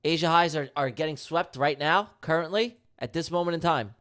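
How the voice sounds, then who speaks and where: Higher-pitched man, slangy live-stream banter. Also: fairly quick, a bit bright. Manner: slangy, emphatic, repeats himself; jokey banter with viewers. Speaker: live day-trading streamer. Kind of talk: casual live-stream commentary to chat.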